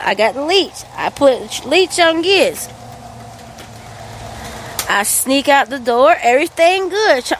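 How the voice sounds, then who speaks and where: A woman, hosting a podcast and telling a rambling, animated story about her household, swearing freely. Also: high-pitched, a little hiss or hum. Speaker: podcast host. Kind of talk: casual storytelling monologue.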